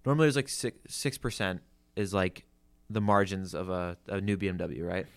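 A man's voice: low-pitched, normal speed, gravelly, clean tone. A young man from the Philadelphia area co-hosting a casual podcast, ranting about his work in car sales, swearing freely and saying "like" constantly.

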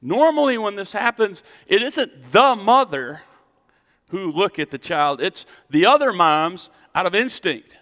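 A man preaching a sermon as a pastor, animated and drawing call-and-response from his congregation in a church sanctuary. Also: high-pitched, a little slow. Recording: long reverb in a hall.

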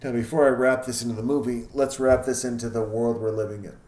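A man's voice: medium pitch, fairly even intonation, quick pace, a little mellow. Candid swearing man in an echoey room. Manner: candid, self-critical, swears freely. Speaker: podcast host. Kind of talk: casual monologue. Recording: echoey room with faint ambience.

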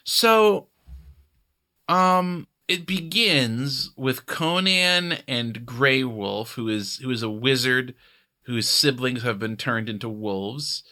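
A man's voice: medium pitch, slow pace, sharp tone. A man co-hosting a podcast, recapping an episode in casual chat, laughing often and dropping into goofy voices for the characters. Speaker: podcast co-host.

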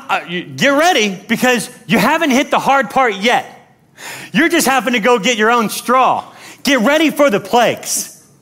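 High, lively-voiced male preacher. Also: normal speed. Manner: energetic, blunt, playful preaching with quoted voices. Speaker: pastor. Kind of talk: sermon.

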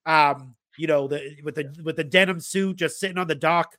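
A man's voice: fairly high pitch, moderate pace, bright, forceful tone, dry recording, clean studio sound. A man hosting a casual podcast, rambling with plenty of fillers and restarts. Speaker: podcast host.

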